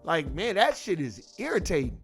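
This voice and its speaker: A man with a high voice that swings wildly up and down delivers a cussing, irritated rant. He circles back over his points again and again. Faint music sits behind him. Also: wildly swooping pitch, normal speed. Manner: irritated, cussing, repeats himself. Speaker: commentary host. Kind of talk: profane ranting commentary.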